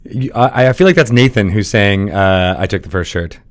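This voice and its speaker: Young male podcast host, casual and rambling, easy laugh, lots of fillers. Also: fairly low pitch. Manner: chatty, rambling, full of fillers and quick laughs. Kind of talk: casual studio chat.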